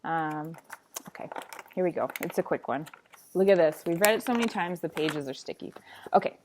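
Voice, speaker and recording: A woman's voice: deep voice, moderate pace, long pauses, a little mellow, slight background noise. A woman reading a children's picture book aloud as a teacher, breaking off for chatty asides.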